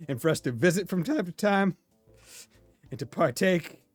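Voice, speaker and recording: Young guy doing game commentary, laughs constantly, kinda high voice, dry close mic. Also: animated, normal speed, no echo, faint music behind. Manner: joking, laughs often, casual slang. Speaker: let's play host. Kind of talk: gameplay commentary.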